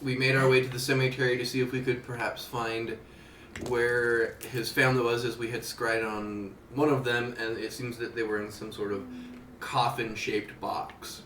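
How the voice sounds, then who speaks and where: A man who plays in a tabletop game recaps the last session in a steady storytelling way. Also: medium pitch, normal speed, slight background noise. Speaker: player. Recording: echoey, distant mic.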